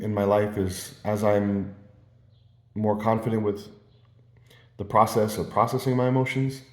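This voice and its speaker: A man rambling through personal stories in a casual monologue, halting and repeating words as he restarts his sentences. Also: lowish voice, a little mellow. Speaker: vlogger. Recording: roomy echo.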